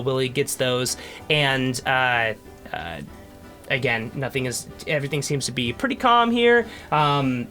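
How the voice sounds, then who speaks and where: A man narrating a tabletop game as game master, relaxed and full of fillers. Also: medium pitch.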